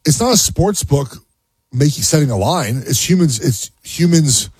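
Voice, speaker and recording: A man's voice: fairly high pitch, lively intonation, a little mellow, slightly rough, no echo. A man co-hosting a sports talk show, speaking casually with frequent restarts and ums. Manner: halting, many restarts and ums.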